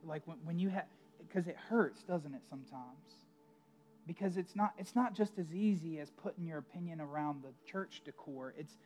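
A man's voice: on the high side, a little mellow. A male pastor preaching a sermon in a conversational storytelling way, with emphatic asides to the congregation.

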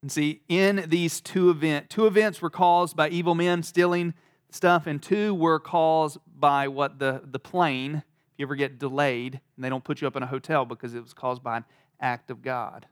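A man's voice: a little high, steady tone, normal speed, dry recording, clean studio sound. A man teaching a Bible lesson in a casual, conversational way, laughing now and then and using lots of "like.". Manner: conversational, laughing, many "like" fillers.

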